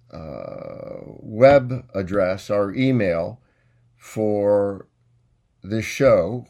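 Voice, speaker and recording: A man's voice: on the low side, darkish tone. A middle-aged man hosting a podcast alone, a former political consultant with a grandiose, self-mocking manner who rambles and restarts his sentences. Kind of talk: casual monologue.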